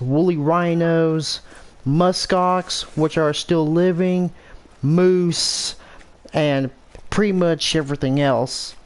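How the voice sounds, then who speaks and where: American man, slow, higher-pitched, rambling self-correcting game commentary. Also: a little mellow, clear, resonant tone. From United States. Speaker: gameplay commentator. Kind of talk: casual gameplay commentary.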